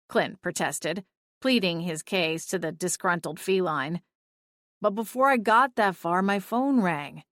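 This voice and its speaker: A woman narrating a story in the first person, expressive and lively, reading from a script. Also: fairly low pitch, unhurried, dry recording, studio quality. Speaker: audiobook narrator.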